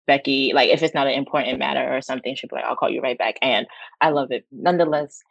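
Earnest woman with a gravelly voice. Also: a bass voice, fairly even intonation, fast talker, no echo, highs cut off. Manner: earnest, rambling, many fillers. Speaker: podcast co-host. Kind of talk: heartfelt casual tribute.

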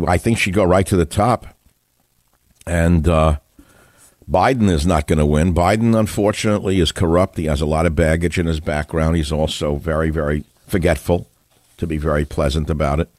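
Older male talk radio host, low-pitched, combative ranting delivery, dry close sound. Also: a little mellow, no echo. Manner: combative, ranting, storytelling with sudden rises in pitch. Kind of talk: political talk radio monologue.

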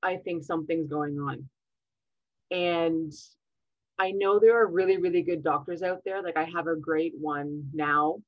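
A woman's voice: deep voice, a little slow, no echo, muffled recording. A woman, a podcast guest, telling a story over a remote call and acting out the voices of the people in it. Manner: animated, acts out quoted dialogue. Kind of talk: casual storytelling interview.

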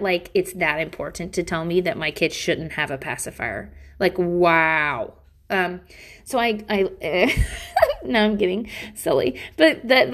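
A woman's voice: mid-range voice, fairly bright tone. A young woman hosting a solo podcast, talking candidly with lots of fillers and swearing, a bit sniffly, breaking into silly laughs. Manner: candid, swears freely, many fillers and likes; laughs between lines, playful silly bursts. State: sniffly runny nose. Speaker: podcast host. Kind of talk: casual solo podcast chat.

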